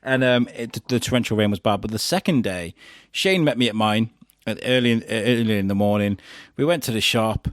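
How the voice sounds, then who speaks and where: A man's voice: on the low side, fairly quick, no echo, clean studio sound. A man from England, a podcast host being interviewed, telling stories casually with many fillers and acted-out quotes. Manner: chatty storyteller, acts out quotes, many fillers and restarts.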